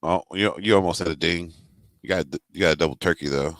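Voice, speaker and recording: A man's voice: deep voice, brisk, fairly bright tone, no echo. A man co-hosting a livestream, chatting casually with joking, laid-back banter. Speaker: livestream co-host. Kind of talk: casual chat.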